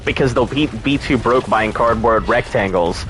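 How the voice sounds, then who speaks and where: A male game streamer talks loosely to his chat while he plays, joking and cursing as he goes. His voice sits at an ordinary middle pitch. A faint hum runs underneath. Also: normal speed, a bit bright. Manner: chatty and joking, answers chat, swears freely. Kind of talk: casual live-stream chat while gaming.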